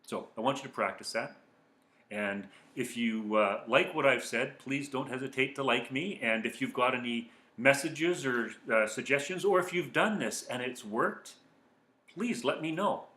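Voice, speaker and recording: A man giving calm, earnest self-help advice as a coach speaking to viewers. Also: medium pitch, normal speed. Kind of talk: motivational talk to viewers. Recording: echoey room.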